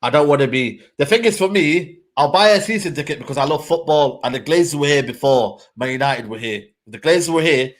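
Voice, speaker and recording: A man co-hosting a casual football chat on a live stream, excitable and peppering his talk with "man" and "mate". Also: fairly high pitch, brisk, few pauses. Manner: excitable, fills lines with "man", "mate" and "bro". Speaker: co-host, football fan.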